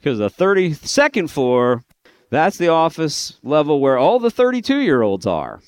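A man's voice: fairly high pitch, sing-song, measured pace, clean tone, no echo, studio quality. A middle-aged man giving a sarcastic talk to a live audience, mimicking other people's voices. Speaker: speaker addressing a live audience.

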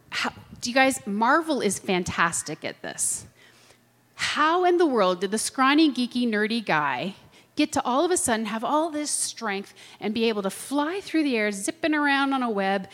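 A middle-aged woman teaching a class, lively and chatty, often checking that her listeners follow. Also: fairly high pitch, normal speed. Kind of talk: classroom lecture with personal anecdotes. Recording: long hall reverb.

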